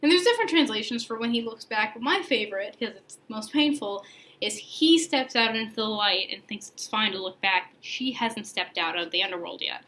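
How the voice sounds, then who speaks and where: A woman's voice: a little high, expressive, brisk, sharp tone, a little hiss or hum, rough recording. A young woman hosting a podcast, retelling a myth in a chatty, playful way with slang and laughs. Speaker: podcast host. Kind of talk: casual mythology storytelling.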